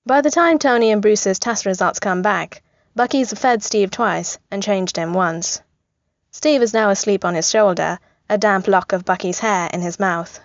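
A woman reading a story aloud in an even, gently amused voice, at a middling pitch. The recording is slightly dull and bone dry. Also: moderate pace, creaky, no room sound. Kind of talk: reading fan fiction aloud.

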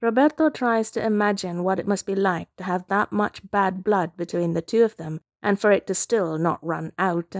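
A woman narrating a story aloud, steady and measured. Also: mid-range voice, no room sound, studio quality. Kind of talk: reading fan fiction aloud.

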